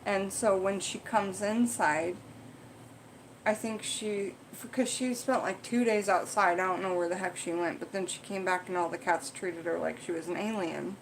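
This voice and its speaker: A woman's voice: medium pitch, fairly even intonation, normal speed, a little hiss or hum, poor audio. A young adult woman hosting a casual livestream, chatting frankly in a rambling way and swearing now and then. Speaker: livestream host.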